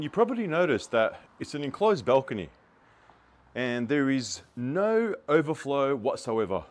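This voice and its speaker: A man's voice: mid-range voice, sing-song, measured pace. Blunt man inspecting a site. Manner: blunt, exasperated, laughing at shoddy work. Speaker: building inspector. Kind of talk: walkthrough site inspection vlog. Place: outdoors on a building site.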